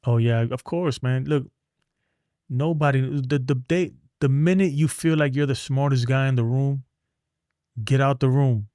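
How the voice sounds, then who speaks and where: Unhurried and warm-toned, the medium-pitched voice belongs to a middle-aged man from New York, recorded dry with clean studio sound. The sports streamer rambles and rants bluntly on a casual livestream, tailing off into mumbling.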